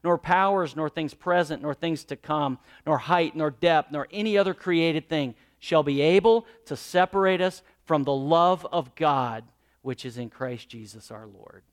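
A man preaching a sermon, swinging between loud emphatic lines and hushed, quiet asides. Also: on the high side, measured pace. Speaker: pastor.

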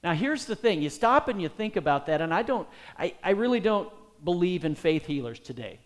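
A middle-aged man preaching a sermon as pastor, animated and putting many questions to his listeners. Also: high voice, brisk.

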